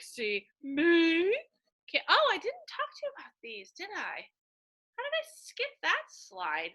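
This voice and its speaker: A woman teacher giving a slow, coaxing reading lesson to young children, sounding out words in a sing-song way. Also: a little high, bright, forceful tone.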